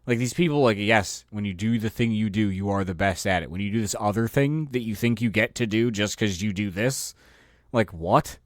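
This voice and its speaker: A man with a somewhat low voice rants on his own show, swearing freely and sounding fed up. He trips over his words and repeats them as he restarts his thoughts. The sound is dry and close. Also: normal speed, no echo. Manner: exasperated, riled-up delivery. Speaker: podcast host. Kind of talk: casual profane rant.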